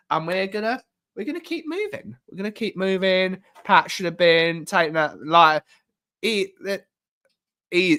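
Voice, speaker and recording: Hosting a casual stream from home, a man from England greets his chat and goes through viewer comments, chatty and rambling, with phrases coming up again and again. The voice is a little high, pushed and bright.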